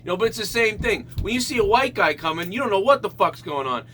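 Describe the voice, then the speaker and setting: A man hosting a comedy show, giving a ranting comedic monologue that often bursts into loud shouts. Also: high-pitched, animated, fast, slight background noise.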